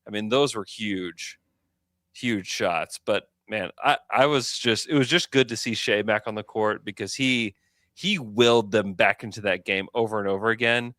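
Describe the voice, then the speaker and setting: Guy chatting basketball on a podcast, bright forceful voice, real dry close sound, kinda low. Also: normal speed, no echo. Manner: animated, chatty, lots of fillers. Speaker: podcast co-host. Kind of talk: casual sports chat.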